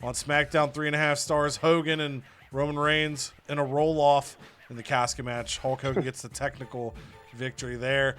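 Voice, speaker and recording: A man hosting casual gaming commentary, excitedly recapping match results with bursts of loud laughter. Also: medium pitch, normal speed, soft background music. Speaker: host.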